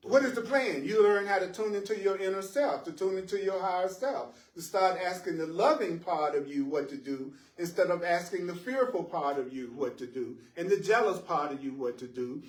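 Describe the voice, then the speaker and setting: A man teaching a live spiritual class to listeners in the room, animated and playful, laughing at his own jokes and repeating phrases for emphasis. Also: high voice, normal speed, few pauses. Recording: roomy echo, voice picked up from a distance.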